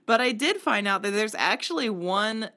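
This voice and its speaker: A woman co-hosts a relaxed conversation, recounting scenes with animated storytelling. Her voice is bright and forward, with an ordinary middle pitch. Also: moderate pace. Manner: animated storytelling, acting out quotes. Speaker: podcast co-host. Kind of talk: casual chat.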